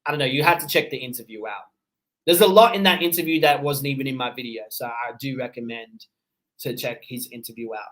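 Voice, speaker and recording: A man with an Australian accent tinged by his parents' Seychellois English, hosting a casual livestream, chatting and answering viewer comments in a relaxed way with easy laughs. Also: medium pitch, brisk. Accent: Australian, mixed with his parents' Seychellois English. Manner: relaxed and conversational, with easy laughs and frequent fillers. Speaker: livestream host.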